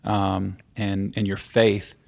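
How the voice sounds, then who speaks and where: A man hosting a casual conversation, asking questions and adding thoughts with a hesitant, halting manner. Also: low voice, completely flat delivery, vocal fry, a little mellow. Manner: hesitant, many fillers and restarts. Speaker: podcast host.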